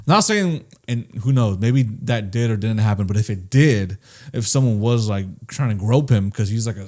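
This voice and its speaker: A man's voice: on the low side, animated, moderate pace, darkish tone. A young man co-hosting a casual podcast, arguing his point emphatically and with a lot of swearing. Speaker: podcast co-host. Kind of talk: casual chat.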